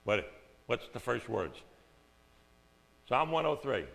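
A man preaching a conversational sermon, dropping to soft asides and then rising to loud, emphatic lines of scripture. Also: mid-range voice, sing-song, slow, creaky, long pauses.

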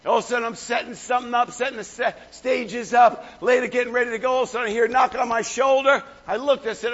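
Hoarse male pastor, fervent shouting sermon, high gravelly voice, husky tone. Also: fast talker, hardly any pauses. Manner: fervent preaching with shouted peaks and call-outs to the crowd. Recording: echoey hall, dull lo-fi sound.

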